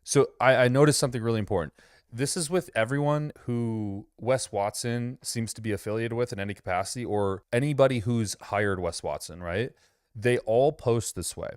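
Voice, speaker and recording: A man's voice: medium pitch, normal speed, smooth, dry recording, studio quality. A man hosting a casual reaction commentary, sarcastic and loose, often laughing and swearing. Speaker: host reacting to videos.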